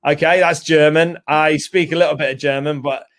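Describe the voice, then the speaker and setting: A man's voice: fairly high pitch, fairly even intonation, normal speed, a bit bright. A British man co-hosting a live webinar, chatty and rambling as he greets viewers by name. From United Kingdom. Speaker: co-host and co-founder.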